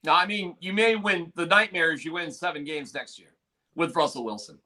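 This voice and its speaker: A man's voice: on the high side, fairly quick, pushed and bright. A male sports radio host arguing his opinions emphatically, repeating points for emphasis. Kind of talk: sports talk radio debate.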